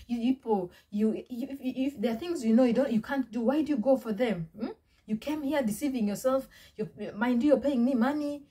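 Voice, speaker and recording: Storytelling quote: woman acting a harsh male instructor, husky, loud and scolding. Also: on the high side. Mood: contemptuous. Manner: harsh, lecturing, rapid rebukes. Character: irate, scolding man, a trade instructor.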